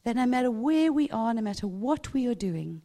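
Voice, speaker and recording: A woman's voice: a little high, expressive, moderate pace, mellow. A woman preaching a sermon, telling a personal story animatedly and laughing often.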